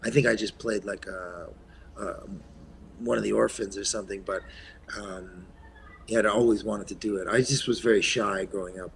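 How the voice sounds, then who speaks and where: A man from Quebec, a guest actor, chatting in an interview in a soft-spoken way that often trails off, with plenty of ums and uhs. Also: fairly low pitch, steady tone, normal speed, gravelly. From Eastern Canada, Quebec. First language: French. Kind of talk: casual interview chat.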